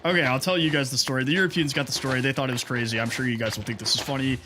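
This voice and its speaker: A man's voice: mid-range voice, steady tone, very fast, background noise. A young man livestreaming, telling a rambling story to his chat and greeting viewers as they arrive. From United States. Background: music.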